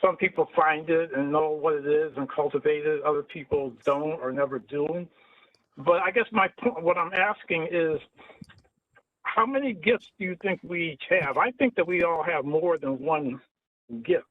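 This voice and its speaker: A man's voice: a little high, normal speed, no room sound. Rambling man on a tinny call line. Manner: rambling, thoughtful, restarts a lot. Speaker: open mic participant. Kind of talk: casual chat on a video call. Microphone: video call. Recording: tinny dry phone-like call audio.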